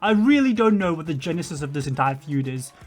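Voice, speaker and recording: A man's voice: fairly high pitch, very animated, fast, faint music behind. A man giving a rambling, casual reaction commentary. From Australia. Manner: rambling, chatty. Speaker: reaction video host.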